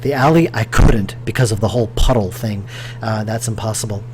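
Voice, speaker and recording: His voice sits on the low side, a little mellow and a little fast, with a faint hiss or hum in the recording. He's a game developer casually thinking aloud on a live stream as he works, rambling through fillers and restarts and replying to chat.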